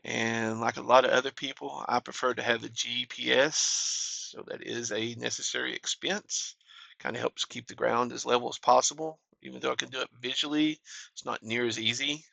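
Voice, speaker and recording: A man hosting a gaming channel, talking through a mining game in a relaxed, plain-spoken way at a desk mic. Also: medium pitch, moderate pace, gravelly, dry recording. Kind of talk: casual game commentary.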